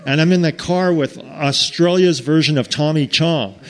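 A man's voice: on the high side, moderate pace. A man with an American accent telling a casual travel story, rambling with restarts and acting out what people said. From United States. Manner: animated, rambling with restarts, acts out quotes.

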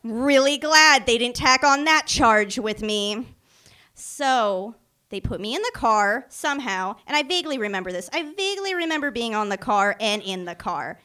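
A young woman telling a funny story about her own past to the camera, animated and self-mocking, acting out the other people's voices as she goes. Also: on the high side, moderate pace, clean tone. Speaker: vlogger. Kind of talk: storytime anecdote.

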